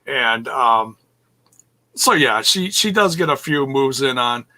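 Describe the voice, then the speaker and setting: A man's voice: medium pitch, lively intonation, slow pace, bright, forceful tone. A man co-hosting a casual podcast, rambling and thinking aloud as he talks. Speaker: podcast co-host.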